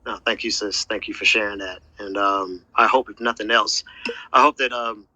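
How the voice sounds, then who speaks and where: A soft-spoken man hosting an online audio discussion, hesitant and supportive. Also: on the low side, fairly even intonation, normal speed, no room sound, poor audio. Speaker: host of the discussion. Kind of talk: casual chat.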